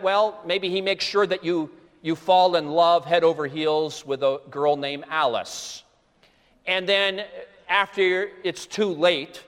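A male pastor delivers a sermon with an easy, conversational manner, drifting into stories and asides. His voice sits a little high for a man. The sound rings with the long reverb of a large church hall. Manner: conversational, animated storytelling with asides. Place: church sanctuary.

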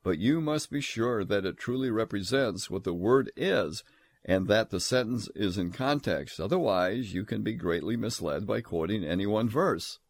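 A man giving a scripture lecture, emphatic, reading verses aloud in a measured, solemn tone. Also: lowish voice, lively intonation, dry recording. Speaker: Bible teacher.

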